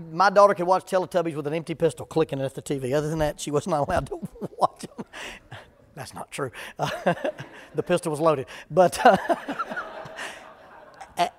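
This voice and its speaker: A middle-aged man, a preacher giving a folksy, joking talk on parenting to a live audience. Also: fairly high pitch. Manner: humorous storytelling, deadpan jokes.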